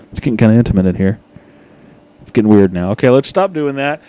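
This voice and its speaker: A tipsy man reading fan fiction aloud for his channel, with deadpan rambling asides. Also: lowish voice, fairly quick, pauses often, clean tone. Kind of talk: comic dramatic reading.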